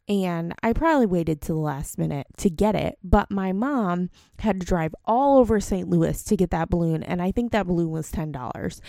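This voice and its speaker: A young woman with a gravelly, creaky voice, recorded close and dry with no room sound. She tells a personal story in a loose, rambling way. She is candid and laughs at her own faults as a mom. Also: lowish voice, warm tone, dry recording. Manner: rambling, candid, self-deprecating. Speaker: mom vlogger.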